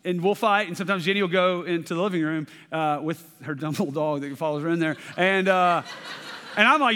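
Brisk and sharp-toned, this man in his thirties has a high voice with lively intonation as he delivers a conversational sermon as a pastor. He keeps checking in with "okay?", restarts by repeating words, and a long hall reverb surrounds him.

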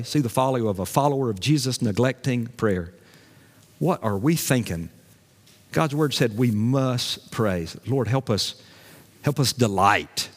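Folksy preacher in a reverberant hall. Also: male voice. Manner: folksy, animated preaching that drops to a low prayer. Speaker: pastor. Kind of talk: sermon. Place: church sanctuary.

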